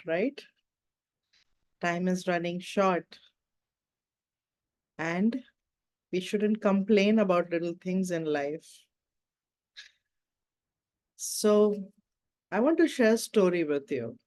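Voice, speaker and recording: Woman, spiritual talk host, reflective, questioning, slow, lowish voice. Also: darkish tone. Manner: reflective, asks questions to the listener.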